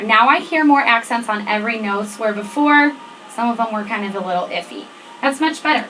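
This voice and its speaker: A woman band teacher runs a rehearsal, giving directions, counting off the tempo and checking in often while a student band plays. Her voice is a little high with a fairly bright tone. The audio is poor, with slight background noise.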